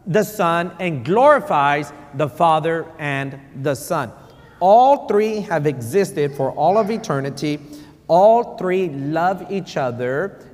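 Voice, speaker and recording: A man in his forties, a pastor, preaching a sermon with animated storytelling and repetition for emphasis, slipping into Spanish. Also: a little high. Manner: animated storytelling, repeats for emphasis, code-switches. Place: church sanctuary. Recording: reverberant church hall.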